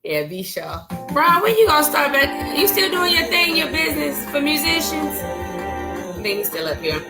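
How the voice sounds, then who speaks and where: A woman's voice: sits high, sing-song, moderate pace, loud music behind the voice. A woman co-hosting a church live-stream show, chatting casually and teasingly greeting viewers by name.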